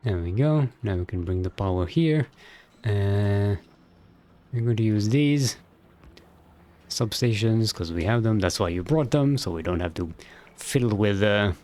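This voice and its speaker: A man's voice: on the low side, animated, a little slow, a little mellow, faint music behind. A man streaming a factory game, thinking aloud in a loose, rambling way and swearing now and then. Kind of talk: casual gameplay commentary.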